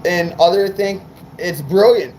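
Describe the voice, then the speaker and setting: High-voiced new england guy rambling on a livestream, cussing a lot, bit of noise behind. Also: measured pace. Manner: rambling, profane, fired up. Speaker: car audio livestreamer. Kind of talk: casual livestream chat.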